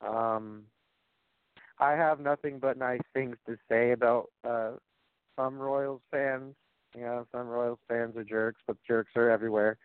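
A man's voice: medium pitch, fairly even intonation, measured pace, smooth, dry recording. A man hosting a casual wrestling and sports chat show, rambling and joking with lots of fillers. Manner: rambling, filler-heavy, jokey. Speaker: podcast host. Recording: dry, tinny phone-like sound.

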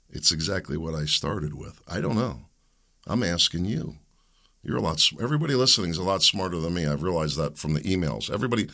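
A man's voice: on the low side, creaky, pushed and bright. A middle-aged man hosting a solo talk show, rambling, joking and opinionated in a conversational way. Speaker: podcast host.

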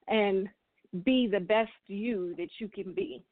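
Through dry, tinny, phone-like audio, a woman with a medium-pitched voice speaks slowly while hosting a spiritual talk. A spiritual reader, she is earnest and keeps repeating and restarting phrases.

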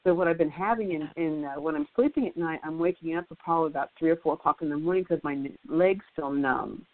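Over a tinny phone line, a woman with a deep voice calls in for a reading, chatting casually but hesitantly with lots of fillers and halting speech. There's no room sound.

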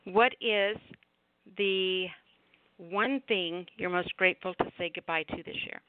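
A woman's voice: on the low side, a little slow. A woman hosting an online radio show, chatting casually and telling stories. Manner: chatty, storytelling. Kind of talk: casual chat. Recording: tinny phone line with hum.

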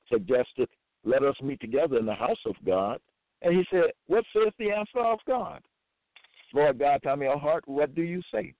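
A man preaching alone, reading scripture verses aloud in a slow, formal, deliberate cadence. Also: medium pitch, dry recording. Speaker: self-styled religious preacher. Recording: tinny phone-like dry audio.

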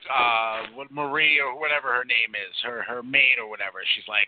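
A man's voice: medium pitch, fairly even intonation, a little fast, hardly any pauses, slight background noise. A man co-hosting a horror movie podcast, chatting casually with crude, sarcastic jokes. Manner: joking, crude, sarcastic asides. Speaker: podcast co-host. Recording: dry tinny phone-like audio.

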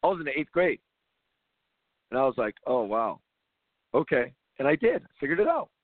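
A man's voice: on the high side, sing-song, fast talker, no room sound. A man who coaches basketball and hosts a show, talking through his views in a rambling, emphatic way with frequent restarts. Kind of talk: casual monologue. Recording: tinny phone-like line, dry.

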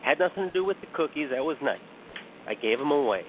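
Guest, man, mid pitch, halting with restarts, tinny phone line, faint hiss. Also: lively intonation. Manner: hesitant, many restarts. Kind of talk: casual call-in chat.

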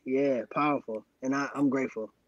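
A man's voice: medium pitch, fairly even intonation, fairly quick, muffled recording, crowd noise. A man being interviewed about his activism, speaking earnestly and gratefully in casual podcast talk, from Cleveland. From Cleveland, USA. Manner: earnest, grateful, frequent affirmations. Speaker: guest activist.

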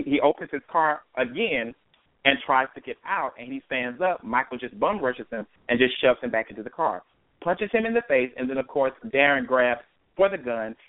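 A man's voice: medium pitch, no echo. A man hosting a discussion, reading a news account aloud and commenting on it, with many hesitations and restarts. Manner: hesitant, with frequent fillers and restarts. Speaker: host. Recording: dry phone-line call audio.

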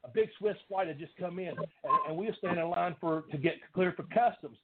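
A man telling animated wrestling stories in casual chat, laughing often. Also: high-pitched, a little fast. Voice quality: country accent. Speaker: guest, former pro wrestler. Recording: phone-like line with faint noise.

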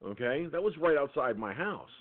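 Man, ranting host, lively swinging pitch, profane, tinny phone-line sound. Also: moderate pace. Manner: profane, angry storytelling. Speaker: internet radio show host. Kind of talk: ranting monologue.

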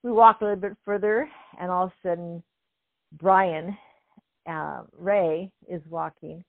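A woman's voice: lowish voice, steady tone, a little slow, vocal fry, no echo. An older woman from California, a guest in an interview, telling a story animatedly, acting out the quotes and laughing often. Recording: tinny phone-like line.

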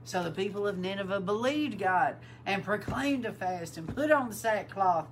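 Woman reading scripture with lively asides. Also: mid-range voice, moderate pace, few pauses, a little hiss or hum. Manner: reads old-style verse, breaks in with amused, emphatic asides. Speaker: host and Bible teacher. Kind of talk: reading scripture aloud with commentary.

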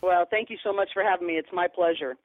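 A woman's voice: fairly low pitch, quick pace, no echo. Woman, basketball coach, earnest storyteller, repeats words, tinny phone line, dry sound. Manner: earnest, repeats words when starting sentences. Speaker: basketball coach, podcast guest. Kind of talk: storytelling interview answers.

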